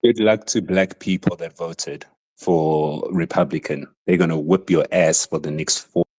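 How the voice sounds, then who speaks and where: A man's voice: deep voice, fairly even intonation, unhurried, a little mellow, husky, no echo. A man calling in to a talk show, arguing in an accusatory, needling way. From South Africa. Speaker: caller. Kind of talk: heated call-in argument.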